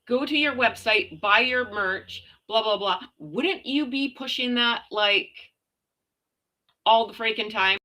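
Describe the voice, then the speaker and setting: A sarcastic woman hosts a chatty livestream, commenting and reading out viewer messages with emphasis. She takes her time, lingering over each phrase in an unhurried way. Her voice is bright and ringing. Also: a little high, rough recording. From United States. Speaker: host.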